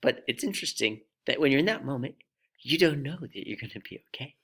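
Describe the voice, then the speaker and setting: A man giving a reflective personal storytelling talk, pausing dramatically between short phrases. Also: mid-range voice, lively intonation, bright, forceful tone, husky. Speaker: storyteller speaker.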